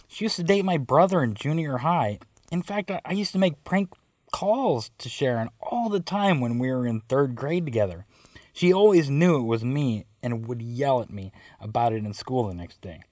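A man narrates a story of his own in a wry, self-mocking way. His pitch sits in the middle, and the recording is dry and close. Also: a little mellow, dry recording. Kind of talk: first-person storytelling.

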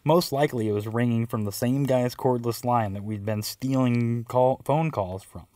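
A man narrates a story of his own in a wry, self-mocking way. His pitch sits in the middle, and the recording is dry and close. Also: normal speed, dark tone, no echo. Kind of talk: first-person storytelling.

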